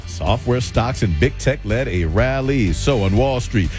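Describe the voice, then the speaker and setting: A man hosting radio, reading the news in a relaxed, lightly joking way. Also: medium pitch, unhurried, faint music behind. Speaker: radio host and newsreader.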